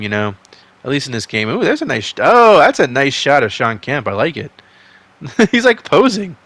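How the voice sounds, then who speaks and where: A man's voice: medium pitch, big pitch swings, moderate pace, fairly bright tone, no echo. A man casually commentating a basketball video game, rambling between calls and rising sharply on big plays.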